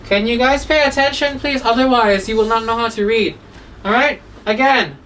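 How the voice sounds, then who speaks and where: A woman teaching a phonics lesson to children, sounding out words slowly and asking "okay?" after nearly every line, coaxing and gently scolding. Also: on the high side, distant mic, slight background noise, low-quality recording. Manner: slow, drawn-out sounds, repeats "okay?" often; coaxing, mildly scolding when children drift.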